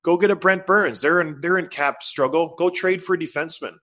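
A middle-aged man co-hosting a casual sports talk show, animated and jokey. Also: fairly high pitch, brisk. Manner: animated, jokey, bursts into loud bits. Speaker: sports podcast co-host.

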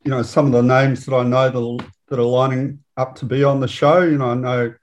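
A man's voice: medium pitch, little pitch movement, a little fast. Guy guesting on a sports pod, modest, lots of uhs, mid voice. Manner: self-deprecating, hesitant with fillers. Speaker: podcast guest, rugby writer. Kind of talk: casual sports podcast banter.

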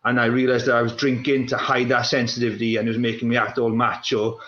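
A man's voice: mid-range voice, little pitch movement, quick pace, a bit bright. A man with a South Wales Valleys accent, a guest who tells long, rambling comic stories in casual podcast chat. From Welsh valleys. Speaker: guest, former pro runner. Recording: echoey, dull room sound.

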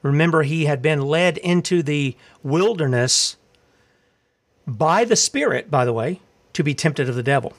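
A man's voice: a little high, expressive, a little slow. A man preaching a sermon, fiery and confrontational, asking rhetorical questions and reading scripture aloud.

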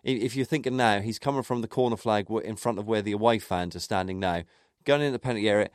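A man's voice: on the low side, no echo. Man, casual football chat, stop-start delivery, dry sound. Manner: chatty, halting, many restarts. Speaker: podcast co-host.

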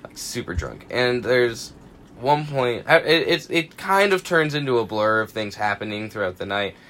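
A podcast co-host in his twenties tells a rowdy story in a casual way, swearing freely and loudly acting out the quotes. His medium-pitched voice has a sing-song quality, and he talks at a normal speed.

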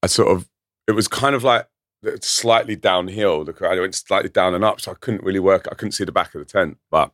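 A man in his thirties, a musician telling a story in casual chat, excitable and swearing often. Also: low voice, brisk, no echo, clean studio sound. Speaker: guest musician.

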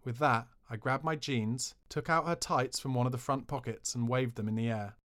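A man reads a comic memoir aloud for a podcast. His delivery is dry and cheeky, in a mid-pitched voice. He sounds like he is enjoying the mischief. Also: moderate pace, fairly bright tone. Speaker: podcast narrator.

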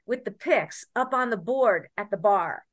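A woman in her sixties telling animated stories in an interview, laughing often and swearing freely. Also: medium pitch, measured pace. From Connecticut, USA. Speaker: guest, former cycling soigneur. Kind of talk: anecdotal interview storytelling.

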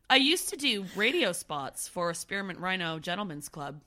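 Sick, raspy-voiced Canadian woman co-host, bright tone, frank joking chat. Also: mid-range voice, very animated, slow pace. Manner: joking, frank, laughs often. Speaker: podcast co-host. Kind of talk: casual chat.

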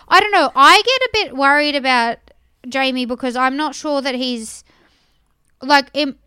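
A woman, co-hosting a podcast in relaxed casual chat, often saying "I reckon" and "like". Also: high voice, no room sound, clean studio sound. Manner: relaxed, uses "I reckon" and "like" a lot. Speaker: podcast co-host.

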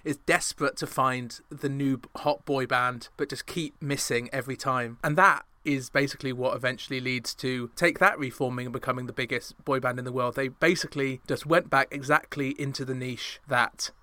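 Bright, wry man hosting a chart show. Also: medium pitch, steady tone, moderate pace, hardly any pauses, no echo. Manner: wry, sarcastic asides. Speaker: podcast host. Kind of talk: chatty scripted pop-chart commentary.

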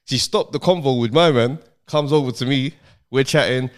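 A man co-hosting a podcast, telling a story in an animated, laughing, slang-heavy way. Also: mid-range voice, normal speed. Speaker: podcast co-host. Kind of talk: casual storytelling chat.

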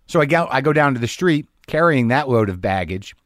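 A man's voice: medium pitch, expressive, fairly quick, no room sound, clean studio sound. A middle-aged man hosting a podcast from his home garage, delivering a casual comic monologue in a wry, self-deprecating, ranting way. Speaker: podcast host.

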